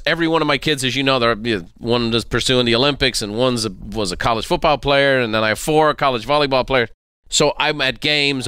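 A middle-aged man from Ireland, hosting an interview and telling animated stories. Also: mid-range voice, clean tone, dry recording, studio quality. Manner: animated anecdotes with laughs and acted-out quotes. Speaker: podcast host. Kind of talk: conversational interview storytelling.

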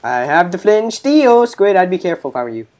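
This gaming channel host speaks quickly in a high-pitched voice, offering casual let's-play commentary. He's excitable, yelping and laughing at what happens in the game.

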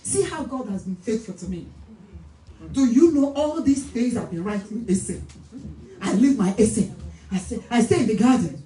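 A woman's voice: a little high, expressive, normal speed, mellow. A woman from Africa with an African accent, preaching a sermon in an emphatic, exhorting way and stretching out stressed words. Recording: echoey hall, distant mic, faint noise.

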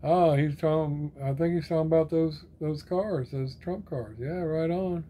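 A man's voice: on the high side, moderate pace, mellow. A man chatting casually as he reads out viewer comments, rambling and answering each with friendly sign-offs. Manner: laid-back, rambling, reads comment names then answers; repeats friendly sign-offs like "right on, brother". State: sore arm and shoulder. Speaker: diecast collector reading viewer comments. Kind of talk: casual chat.

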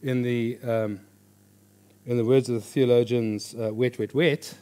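A man teaching a church class on reading the Bible, in a lively, joking conversational way. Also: mid-range voice, unhurried. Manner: animated, jokey, with lively quoted voices. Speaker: pastor teaching a Bible course. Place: church hall before an audience.

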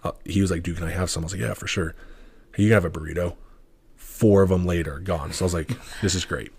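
A man's voice: low voice, fairly even intonation, fast talker, a little mellow, slightly rough. A young man in his twenties telling a rambling, self-correcting story as a podcast guest, acting out each person's lines. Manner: rambling, self-correcting, quotes others in dialogue. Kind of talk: casual storytelling.

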